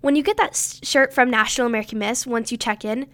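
A teenage girl with a fairly high voice talks through pageant advice in a scripted, upbeat way. She is instructive and leans hard on her dos and don'ts. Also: fast, a bit bright. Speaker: pageant contestant giving tips.

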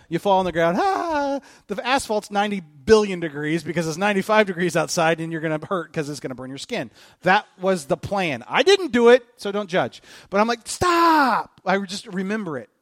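Male pastor, sermon, animated storyteller with jokes, a touch higher voice, dry. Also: no echo. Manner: animated storytelling, jokey asides.

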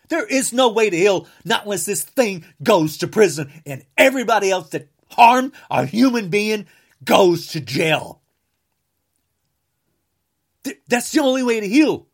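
An American podcaster launches into an angry political rant, combative, repeating insults, and sometimes breaking into shouts. His voice is high-pitched and expressive, though his pace stays measured.

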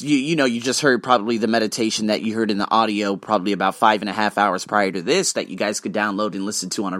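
Animated man telling a story, dry close mic. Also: medium pitch, no echo. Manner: animated, swears freely, acts out quoted dialogue. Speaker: podcast host. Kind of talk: casual storytelling monologue.

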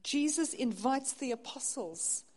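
A woman preaching a sermon in an earnest way, her voice dropping soft on tender phrases. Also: high-pitched, animated, a little slow. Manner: earnest, softening to near-hush on intimate phrases.

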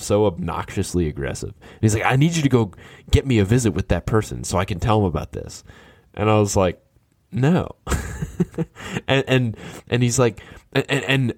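A man casually telling an anecdote, animated and skeptical, quickly quoting the other people in it. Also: fairly low pitch, dry recording, studio quality. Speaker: storyteller. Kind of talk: casual storytelling.

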